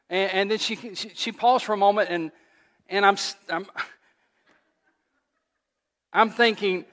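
A man preaching as a pastor, telling a funny story with animated delivery before his sermon. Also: high voice, a little slow, long pauses. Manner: animated storyteller who laughs at his own tale. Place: church sanctuary. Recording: long church reverb.

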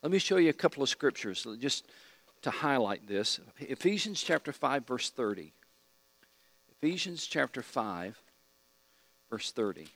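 A man's voice: mid-range voice, sing-song, unhurried, pauses often, fairly bright tone, no room sound. A middle-aged man teaching an evening Bible study class, asking the group questions and repeating key points.

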